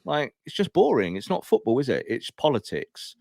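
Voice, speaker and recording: A man's voice: medium pitch, wildly swooping pitch, normal speed, vocal fry, darkish tone, dry recording, studio quality. A man co-hosting a casual football podcast, ranting with opinions and laughing as he talks. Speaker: podcast co-host.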